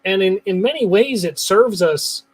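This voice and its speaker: Husky, high-voiced male host. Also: lively intonation, moderate pace, rough recording. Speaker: show host. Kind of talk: conversational interview.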